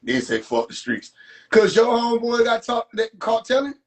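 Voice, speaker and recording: A man with a high-pitched voice rants on a phone livestream, talking to his viewers. His voice swoops up and down a lot as he mocks and curses. It is loose, profane and animated. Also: normal speed. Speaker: livestream host. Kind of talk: rant to a live audience.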